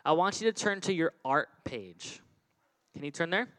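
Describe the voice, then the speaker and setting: Animated children's pastor, fairly high voice. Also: male voice, moderate pace, rough recording. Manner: animated, repetitive, call-and-response with kids. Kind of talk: children's sermon.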